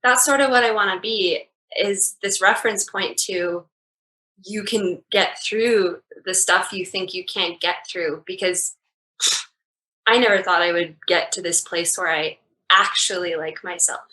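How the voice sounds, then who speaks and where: A woman's voice: lowish voice, unhurried, bright, forceful tone, poor audio. A woman being interviewed as a guest, talking candidly and reflectively with many "like" fillers. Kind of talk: casual reflective conversation.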